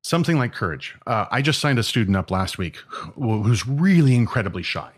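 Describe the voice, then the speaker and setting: A man's voice: medium pitch, sing-song, brisk, husky. A man who teaches martial arts and co-hosts a podcast, talking emphatically in a casual chat and asking rhetorical questions.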